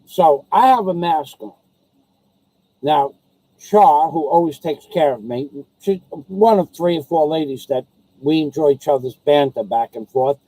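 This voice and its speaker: A man vlogging in a rambling, casual monologue, telling stories and quoting people as he grumbles about high prices and masks. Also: expressive, unhurried, mellow, no echo, poor audio.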